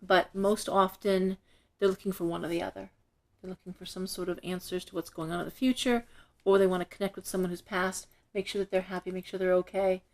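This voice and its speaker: A middle-aged woman, a shop owner, telling stories as an interview guest in an animated way, acting out the voices of the people in them. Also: on the low side, brisk. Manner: animated, acts out quoted voices when telling a story. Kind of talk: casual storytelling in an interview.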